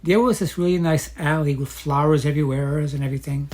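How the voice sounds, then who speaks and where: A woman telling her own dating story in a chatty, reflective way, often pausing with fillers. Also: low voice, fairly even intonation, a little mellow, a little hiss or hum. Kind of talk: casual personal storytelling.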